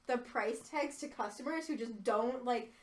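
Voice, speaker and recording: A woman's voice: on the high side, normal speed. A woman guest on a podcast, chatting casually and rambling with frequent "like," picked up by a distant mic with faint noise. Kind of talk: casual chat.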